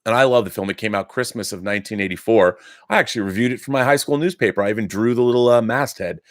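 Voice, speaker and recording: A man's voice: on the low side, fast talker, no echo, clean studio sound. A middle-aged man hosting a casual live stream, chatty and enthusiastic, restarting sentences often. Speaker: live show host reading viewer letters.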